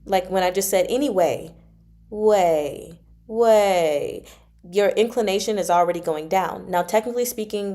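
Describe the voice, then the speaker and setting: Hosting a casual Mandarin lesson on livestream, a woman with a lowish, dark voice chats freely and corrects herself. She says the tones out loud as she explains each one.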